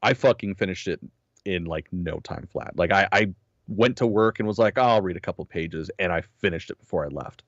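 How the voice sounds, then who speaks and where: Deep-ish guy co-hosting a podcast, swears a lot, bit hoarse, muffled dry audio. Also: brisk, no room sound. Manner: profane, animated storytelling. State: slightly hoarse. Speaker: podcast co-host. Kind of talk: casual chat.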